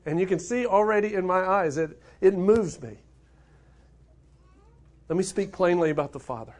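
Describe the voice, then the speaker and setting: A man preaches to his congregation in a notably high voice. He reads scripture, then talks it through earnestly, often doubling back on his words. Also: expressive, moderate pace, a little mellow. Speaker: pastor. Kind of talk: sermon.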